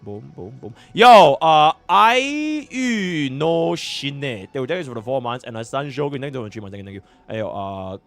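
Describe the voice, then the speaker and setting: Faint music sits behind a fast, medium-pitched male voice that hardly pauses. A young Singaporean streaming live, he chats casually while working through menus, muttering and repeating filler phrases.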